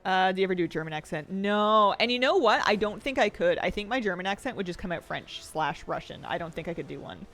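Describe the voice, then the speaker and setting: A woman's voice: mid-range voice, expressive, quick pace, hardly any pauses, a bit bright. A young Canadian woman streaming, chatting casually and giggling while she reads her chat aloud.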